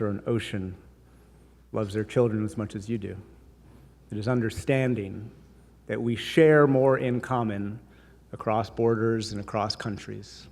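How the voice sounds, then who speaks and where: A man's voice: lowish voice, vocal fry, a little mellow. A man giving a conversational, anecdotal speech at a dinner, slipping humor into his stories. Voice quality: voices others in quoted bits. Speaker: speaker at a dinner. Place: large hall. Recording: long hall reverb.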